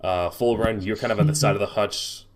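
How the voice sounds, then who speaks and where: A man's voice: lowish voice, steady tone, fairly quick, over a noisy crowd. A man narrating as game master of a tabletop game, hesitant and full of restarts.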